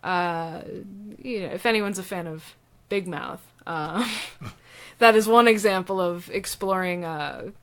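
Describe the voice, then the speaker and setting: A woman co-hosting a podcast, chatting casually about films, animated and laughing, with many fillers. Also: lowish voice, slow. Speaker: podcast co-host. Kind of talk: casual film discussion.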